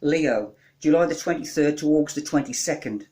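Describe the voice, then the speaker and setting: A man performing comic verse and spoken word, with deadpan delivery that rattles off long lists. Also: a little high, brisk. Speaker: comic poet.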